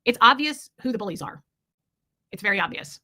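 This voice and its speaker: Fast-talking bright-voiced woman livestreamer. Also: a little high, lively intonation. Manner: blunt, indignant, repetitive emphasis. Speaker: livestream host reading chat. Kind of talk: casual livestream talk.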